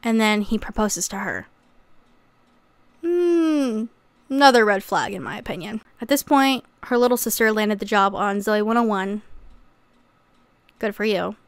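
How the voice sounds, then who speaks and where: A woman's voice: mid-range voice, lively intonation, measured pace, pauses often, no echo. A young woman recapping a memoir in a casual, chatty way, with sarcastic asides and acted-out quotes. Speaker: YouTuber.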